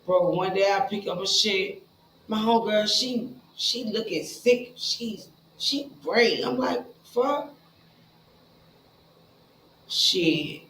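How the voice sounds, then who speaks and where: A woman telling her own story in a casual, blunt and profane way, talking straight to her listeners and jumping between hushed asides and loud bursts. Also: medium pitch, slow pace, pauses often, slight background noise. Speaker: speaker sharing a recovery story. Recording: roomy echo with faint ambience.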